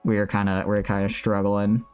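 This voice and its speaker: A man's voice: fairly low pitch, monotone, normal speed, a little mellow, clean tone, faint music behind. A man streaming live from home, chatting casually and reacting to his chat while he builds a model kit.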